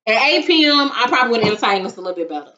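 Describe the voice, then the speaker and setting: A woman's voice: on the high side, racing. A young woman, telling a story in casual, dramatic vlog chat. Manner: animated, dramatic retelling with acted-out quotes. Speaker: vlogger. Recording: dull lo-fi sound.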